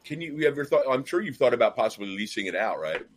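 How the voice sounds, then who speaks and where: A man's voice: medium pitch, big pitch swings, fast talker, slightly rough, low-quality recording. A man in his fifties chatting and telling stories with jokes over a video call. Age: 50s. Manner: storytelling, joking. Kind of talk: casual chat.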